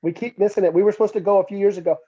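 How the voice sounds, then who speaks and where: Middle-aged male guest, mellow tone, lo-fi sound, lively storyteller. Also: sits high, very fast. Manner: animated, acts out quotes with raised voice. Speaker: interview guest, metal musician. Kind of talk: casual storytelling.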